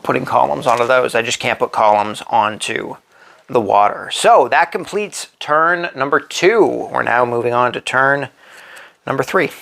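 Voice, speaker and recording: A man's voice: mid-range voice, creaky, fairly bright tone. A man hosting a board game channel, talking himself through a solo playthrough as he places pieces. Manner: slow, thinking aloud while placing pieces.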